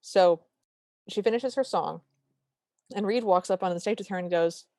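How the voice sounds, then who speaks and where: A woman's voice: medium pitch, moderate pace, dry recording, studio quality. A woman co-hosting a podcast, recapping a film in casual chat and acting out the characters' lines. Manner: animated, acts out quotes in voices. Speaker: podcast co-host.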